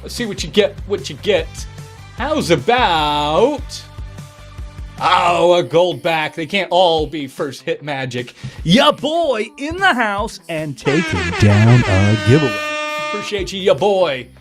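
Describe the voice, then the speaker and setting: This livestream seller and breaker talks slowly, his fairly high voice swinging widely in pitch, with soft music playing behind him. He keeps the sales patter casual, chatting with viewers as he performs card tricks.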